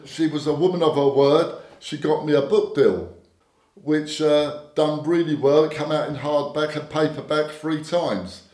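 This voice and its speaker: A man's voice: on the high side, fairly even intonation, unhurried, darkish tone. An older man, a former doorman telling stories as a podcast guest, stumbling over repeated words and acting out quoted dialogue. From Britain. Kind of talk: casual storytelling interview. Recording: echoey room.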